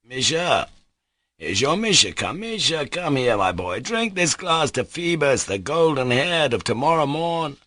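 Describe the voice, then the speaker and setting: A feverish, reckless young nobleman who rambles and gushes in a raised, lively voice, as a male audiobook reader puts him on. The sound is close and dry. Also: a little high, unhurried, no echo, voice pushed up, full character voice. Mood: feverish, expansive. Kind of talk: audiobook reading.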